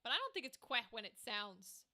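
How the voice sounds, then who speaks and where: Bright-voiced woman streamer rambling. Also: fairly high pitch, fairly quick. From Irish background. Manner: rambling, animated, swears freely. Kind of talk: casual chat to a live stream.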